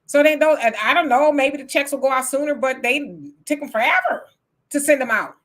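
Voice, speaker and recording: Bright-voiced woman livestream host. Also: high-pitched, fairly quick. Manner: reads viewer comments aloud, then argues back in casual, emphatic speech. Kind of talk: live political talk stream.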